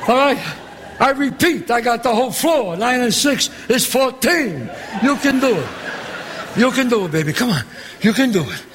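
An actor playing a middle-aged gangster boss who runs a dice game. He is loud and bossy, and he swears and throws insults around freely. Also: extremely high pitch, lively intonation, normal speed, crowd noise, background noise. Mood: boisterous. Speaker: mob boss at a craps game. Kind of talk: film dialogue. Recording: echoey hall sound with faint ambience.

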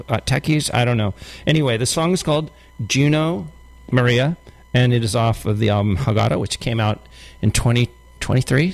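A middle-aged man hosting a community radio show, back-announcing songs in a relaxed, rambling way with many fillers and restarts. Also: mid-range voice, gravelly.

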